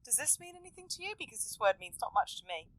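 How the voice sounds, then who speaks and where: A woman hosting a podcast, chatting casually and acting out characters' lines with excitement. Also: fast, rough recording. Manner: animated, acts out characters' lines in a high excited voice. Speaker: podcast host. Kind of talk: casual podcast chat recapping an anime.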